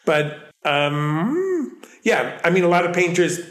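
A man's voice: fairly high pitch, sing-song, slow, a bit bright. A middle-aged man with a Long Island accent, an artist talking in a casual interview, rambling and often correcting himself mid-sentence. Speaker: artist and curator, interview guest. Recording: roomy echo.

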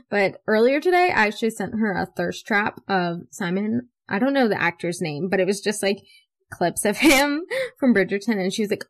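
A teenage girl hosting a casual podcast, telling stories in an animated, chatty way full of "like" fillers. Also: medium pitch, a little fast. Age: teens. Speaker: podcast host. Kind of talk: casual chat.

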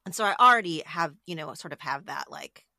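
A woman's voice: sits low, animated, quick pace, vocal fry, pushed and bright, no echo, clean studio sound. A middle-aged woman in a casual conversation, talking openly and with emotion, often restarting her sentences. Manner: candid, emotional, with many restarts. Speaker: podcast host being interviewed.

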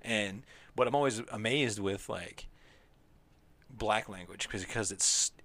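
A man's voice: lowish voice, slow, fairly bright tone. A man co-hosting a podcast in casual chat, rambling and leaning on "like" fillers. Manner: rambling, heavy use of "like" fillers. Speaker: podcast co-host.

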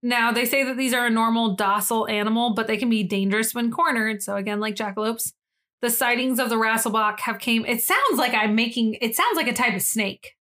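A young woman co-hosts a casual podcast chat. Her voice sits a little high, and she rambles and giggles as she talks. She swears now and then. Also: brisk, sharp tone. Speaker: podcast co-host.

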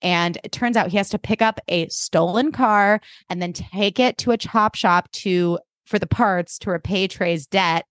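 A woman co-hosting a podcast, recapping episodes in casual chat and acting out characters' lines in quick impressions. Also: mid-range voice, dry recording, studio quality. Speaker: podcast co-host.

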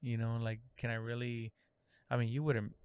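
A man's voice: medium pitch, level tone, moderate pace, darkish tone, smooth, no room sound. A man in casual podcast chat who swears freely and often restarts his sentences mid-thought.

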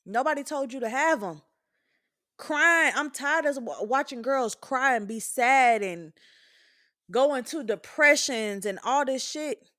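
A woman's voice: on the high side, a bit bright. Blunt, profane woman in her twenties. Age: 20s. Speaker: podcast host. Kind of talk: candid opinion monologue.

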